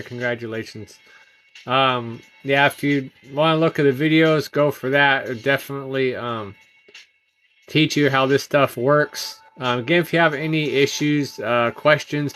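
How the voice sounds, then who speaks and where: Tired man hosting a trading stream. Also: medium pitch. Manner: relaxed, halting, many ums and uhs, greets chat viewers. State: tired, yawning. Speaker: trading livestream host. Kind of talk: casual live-stream chart commentary.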